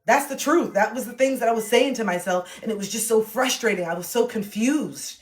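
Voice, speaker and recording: A woman's voice: on the high side, a little fast, hardly any pauses. Woman in her thirties, relationship coach, blunt, emphatic, swears freely, motivational livestream talk. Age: 30s.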